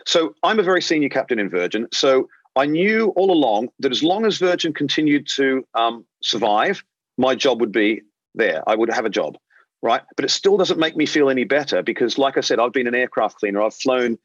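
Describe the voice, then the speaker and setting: A man in middle age talks through his story in an animated way, breaking into the voices of the people he quotes. His sound is close and dry, with a slightly dull, muffled tone. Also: medium pitch, brisk, dry recording. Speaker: airline captain, interview guest. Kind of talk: conversational storytelling.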